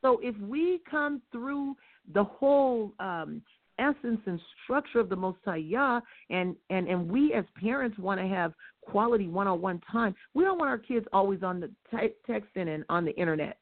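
A woman teaching on a religious talk show, emphatic and fond of rhetorical questions, with her stresses rising close to shouting. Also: mid-range voice, lively intonation, moderate pace. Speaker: guest speaker. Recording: tinny phone line.

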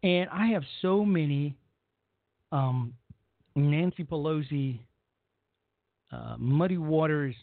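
A man hosts a talk radio show in a blunt, rambling monologue, circling back over his points. His voice sits a touch high for a man. The sound is dry and squeezed into a narrow, phone-like band. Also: takes it slowly, long pauses, dry recording. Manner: blunt, rambling, repeats himself.

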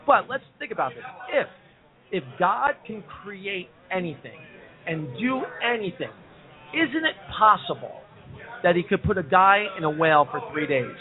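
A man's voice: sits high, sing-song, moderate pace. A man hosting a casual talk show in a pub, talking earnestly and preachily and repeating himself. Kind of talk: casual bar-room talk show chat. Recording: tinny lo-fi phone-like sound.

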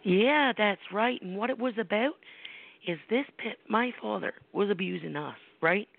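A woman's voice: mid-range voice, lively intonation, moderate pace, creaky, slight background noise. A middle-aged American woman, a psychic medium hosting a call-in show, tells personal stories bluntly and emphatically, with salty language and rhetorical questions. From United States. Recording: tinny phone-line sound, dry.

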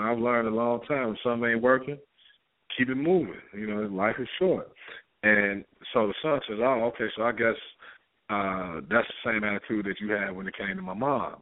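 A playwright appearing as a guest on a talk show chats casually in a lowish male voice, animatedly telling stories and acting out the people in them. The audio is tinny, like a phone line, with no echo.

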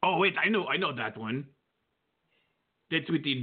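A man's voice: a little high, lively intonation, normal speed, slightly rough. A man co-hosting, asking questions and joking in a laid-back way. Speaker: co-host. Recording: phone-like narrow sound.

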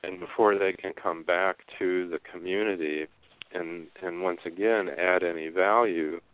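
A male author being interviewed, speaking haltingly with many fillers and restarts. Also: low voice, steady tone, clear, resonant tone. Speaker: author guest. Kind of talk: casual interview talk. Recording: phone line.

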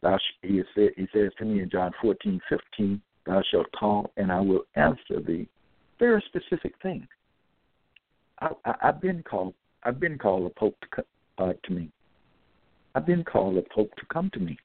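Gravelly man preaching over tinny audio. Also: lowish voice, big pitch swings, normal speed, no room sound. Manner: repetitive, emphatic, reads out verse references. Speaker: self-styled religious preacher. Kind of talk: scripture-quoting monologue. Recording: tinny phone-like dry audio.

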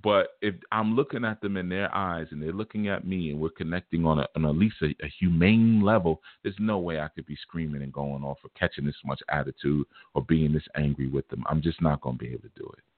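A man's voice: very deep voice, fairly quick, hardly any pauses, no room sound. A man, talking as a spiritual teacher in a loose, conversational way that keeps coming back to "you know". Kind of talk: casual spiritual talk. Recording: tinny, phone-like, very dry.

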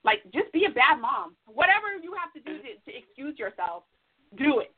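Woman co-host, high voice, emphatic and repetitive advice talk, thin phone-quality sound. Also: sing-song, normal speed. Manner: emphatic, repeats herself, acts out inner voices. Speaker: podcast co-host. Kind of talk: casual advice chat. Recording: tinny phone-like audio.

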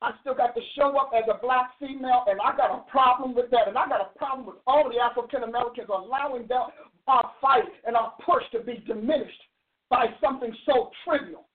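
A woman's voice: fairly high pitch, a little fast. A woman in her sixties telling a story and arguing emphatically, like a host preaching to her audience. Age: 60s. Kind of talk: animated opinion talk. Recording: tinny phone-like sound.

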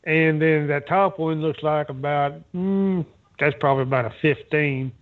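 A man's voice: on the high side, steady tone, moderate pace. A man chatting casually as a guest, plain-spoken, chuckling as he sizes things up. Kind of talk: casual chat. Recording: tinny phone line.

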